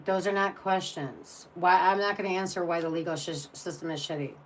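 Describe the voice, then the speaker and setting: Woman tarot reader, lowish voice, blunt and rambling, faint room noise behind her. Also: a little fast, rough recording. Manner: blunt, exasperated, rambling with many restarts. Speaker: tarot reader on a live stream. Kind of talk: casual live-stream chat.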